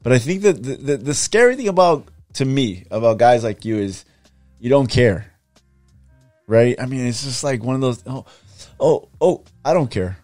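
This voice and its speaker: A man hosting a podcast, asking relaxed, chatty questions. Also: mid-range voice, normal speed, no room sound, faint music behind. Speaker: podcast host. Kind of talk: casual interview.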